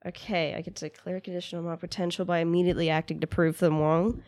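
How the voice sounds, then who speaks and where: A woman's voice: on the low side, flat delivery, fast, darkish tone, no room sound, clean studio sound. A woman playing in a tabletop game, narrating her character's actions in a casual, meandering way. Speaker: player.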